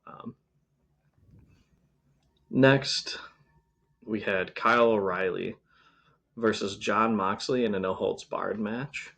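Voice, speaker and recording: Low-voiced man chatting wrestling casually. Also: takes it slowly, vocal fry, long pauses, fairly bright tone. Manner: rambling, frequent ums and restarts. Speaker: podcast co-host. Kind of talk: casual wrestling review chat.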